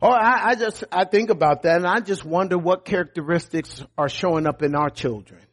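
A man preaching a sermon as pastor, emphatic, often repeating words and dropping to quiet low lines. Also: a little fast.

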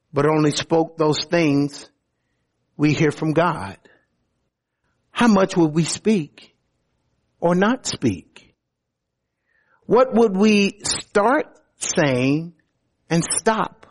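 A high-pitched man delivering a sermon as pastor. He moves between calm teaching and lively, excited stretches that climb into shouts, and he trips over restarts and repeated words as he goes. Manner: animated preaching, rising to shouts when worked up; stammers and restarts often.

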